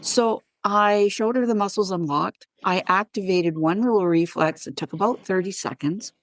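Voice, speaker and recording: Woman, wellness practitioner, chatty interview storytelling, acts out dialogue, medium pitch. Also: normal speed, no echo. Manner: animated, acts out dialogue in her anecdotes.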